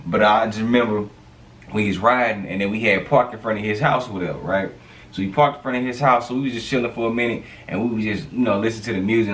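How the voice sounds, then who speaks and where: A man telling a street story in a casual, animated storytime monologue, full of slang and fillers. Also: fairly low pitch, recorded from a distance, a little hiss or hum.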